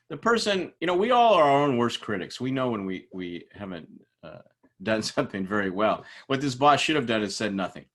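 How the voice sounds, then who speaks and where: In an informal lecture full of anecdotes, a middle-aged man teaches briskly in a mid-range voice. The instructor brings his workplace stories to life by animatedly acting out the people in them.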